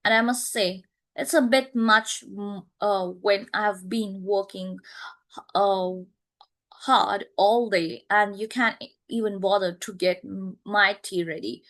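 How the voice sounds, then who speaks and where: Bossy spoiled young daughter read by a woman, slow and raised. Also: high voice, big pitch swings, fairly bright tone, voice pushed up, full character voice. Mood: indignant. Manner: petulant, bossy.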